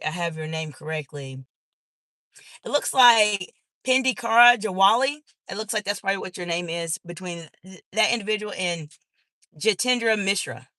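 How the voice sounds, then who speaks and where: Woman host, bright voice, dry close sound, casual live chat read from the car, spells out usernames. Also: medium pitch, no room sound. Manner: greets viewers warmly by name, spells out usernames letter by letter. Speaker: executive coach hosting a livestream. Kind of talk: casual livestream chat, reading comments aloud. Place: inside a car.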